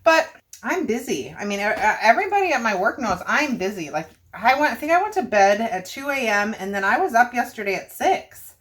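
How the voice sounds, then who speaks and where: A woman's voice: on the high side, very animated, fairly quick, a bit bright. An older woman, chatting casually and rambling as she cooks in her home kitchen. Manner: chatty, rambling, frequent self-corrections and laughs. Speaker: homestead cooking vlogger. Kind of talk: casual cook-along chat to camera.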